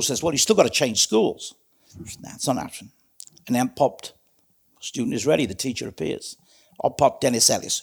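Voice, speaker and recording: A man's voice: medium pitch, gravelly, slightly rough. A middle-aged man with a Welsh accent, a guest in an interview, earnestly telling his life story with frequent restarts. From South Wales. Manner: earnest, frank, self-interrupting. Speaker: guest, community safety advisor. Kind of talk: reflective storytelling in conversation.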